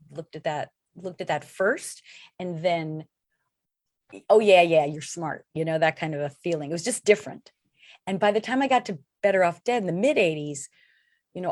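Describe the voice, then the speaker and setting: A middle-aged woman chats as an interview guest, rambling along with lots of fillers. Her voice sits on the low side. The sound is dry and close. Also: no echo. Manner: chatty, rambling with many fillers. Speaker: actress guest. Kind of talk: casual interview chat.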